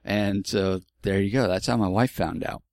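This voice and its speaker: A man's voice: on the low side, fairly even intonation, normal speed, darkish tone, dry recording, clean studio sound. A man in his forties telling a personal story in a casual, rambling way, candid and with some swearing. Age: 40s. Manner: rambling, candid, with profanity and restarts.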